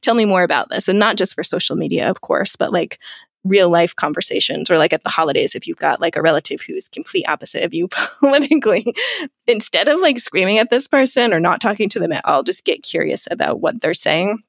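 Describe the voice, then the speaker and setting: A woman's voice: lowish voice, lively intonation, fairly quick, creaky, no room sound, studio quality. A woman speaking as a guest in a casual interview, chatty, with many fillers and frequent laughs. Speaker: guest, clarity coach.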